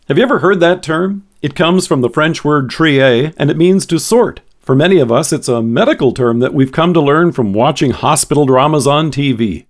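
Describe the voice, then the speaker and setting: Earnest man reading a devotional. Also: fairly high pitch. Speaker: devotional speaker. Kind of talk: scripted devotional sermon.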